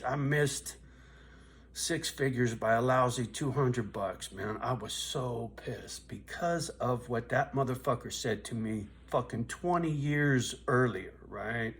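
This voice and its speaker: A man's voice: mid-range voice, slow pace, fairly bright tone. A man in his fifties telling a blunt, profane, streetwise story in a vlog, asking "right?" again and again. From US West Coast. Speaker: vlogger.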